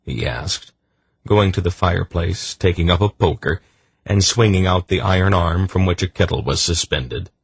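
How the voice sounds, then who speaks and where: A man narrating an audiobook in a measured, deliberate reading. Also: low voice, vocal fry, husky, dry recording. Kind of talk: scripted narration.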